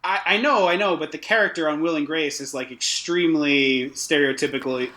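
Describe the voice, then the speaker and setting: A man co-hosting a casual film podcast, talking in an animated, jokey way and readily conceding points. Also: fairly high pitch, fairly quick, a little hiss or hum. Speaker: podcast co-host.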